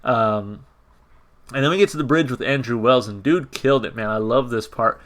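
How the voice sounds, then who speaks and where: A man's voice: mid-range voice, moderate pace. A man hosting a music reaction video, chatting casually and picking apart song lyrics, with many fillers and repeated words. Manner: conversational, frequent fillers and repeats, reads lyrics in a flat tone. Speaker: music reaction channel host. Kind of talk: casual commentary, reading lyrics aloud.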